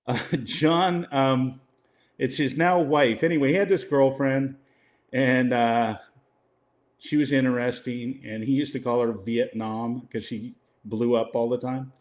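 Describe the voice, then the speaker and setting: An older man telling a rambling story in casual conversation, laughing often and acting out what other people said. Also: medium pitch. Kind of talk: casual anecdote.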